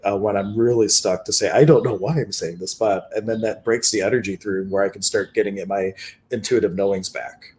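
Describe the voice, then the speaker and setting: Easygoing guy hosting a livestream chat, lowish voice, laughs a lot. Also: fairly quick. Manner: easygoing, chuckles often, relaxed storytelling. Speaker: host.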